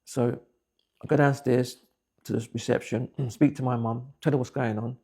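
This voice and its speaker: A man's voice: mid-range voice, steady tone, normal speed, warm tone, slightly rough. A man, giving blunt, plain-spoken personal testimony. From England. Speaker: interviewee.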